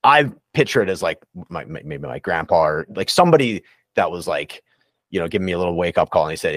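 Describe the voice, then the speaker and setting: A man's voice: deep voice, animated, fast talker, fairly bright tone, no room sound, studio quality. A man talking candidly and reflectively in a casual podcast interview, with many fillers and restarts. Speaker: recovery coach guest.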